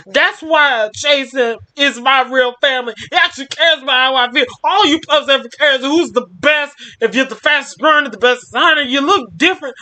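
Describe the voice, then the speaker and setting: A woman voicing an angry young male pup, shouting high and tearful while reading a story aloud. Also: normal speed, few pauses, low-quality recording. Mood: bitter, defiant.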